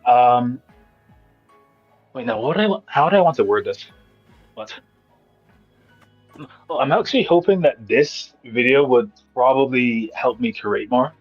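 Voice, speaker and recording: Young male guest, husky, mid-pitched, hesitant rambling, dull voice-chat sound. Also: expressive, unhurried, long pauses, faint music behind. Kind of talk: casual chat.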